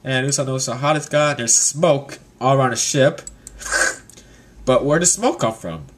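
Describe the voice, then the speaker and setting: A man's voice: medium pitch, moderate pace, slight background noise. A man casually recapping a manga chapter, rambling, swearing and laughing often.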